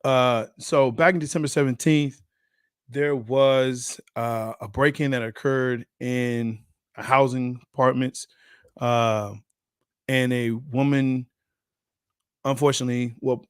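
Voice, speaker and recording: A man co-hosting a casual sports podcast, loose and joking, rushing in quick bursts. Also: medium pitch, fairly even intonation, clear, resonant tone, no echo, studio quality. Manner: loose, laughs easily, rushes in bursts. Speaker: podcast co-host.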